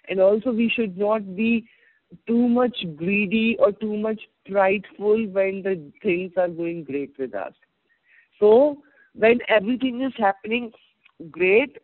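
Man telling a moral story, high voice. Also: dry recording. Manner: repetitive, checks in with "okay?". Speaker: storyteller, motivational speaker. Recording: tinny phone-like line, dry.

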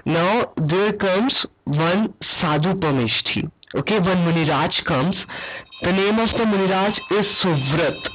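Teacher telling a story. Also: female voice, lowish voice, a little slow, slightly rough. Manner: checks in with "okay?" and quizzes listeners. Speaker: religious teacher. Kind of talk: storytelling to children. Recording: dull lo-fi recording.

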